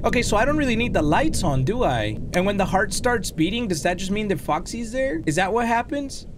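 A man's voice: sits high, very animated, fairly quick, hardly any pauses, background noise. A man giving frantic horror-game commentary as a gaming YouTuber, yelping, swearing and slipping into Spanish.

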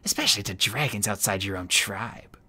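An audiobook reader voicing Dune, a grim adult military dragon with a slow, no-nonsense delivery. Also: deep voice, pushed and bright, slightly rough, exaggerated voice.

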